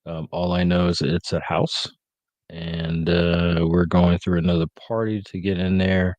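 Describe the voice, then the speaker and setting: Low, dry-voiced man rambling casually. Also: little pitch movement, measured pace, darkish tone, no room sound, dull audio. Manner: rambling, many ums and uhs. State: sleepy, yawning. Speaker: podcast host. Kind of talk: casual live-stream chat.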